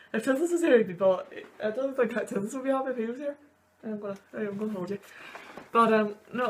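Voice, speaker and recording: Twenty-something girl gushing and rambling about sad movie bits, voice wobbly like she might cry. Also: mid-range voice. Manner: gushing, rambling, sniffly over sad scenes. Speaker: university student and video host. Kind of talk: emotional reaction commentary.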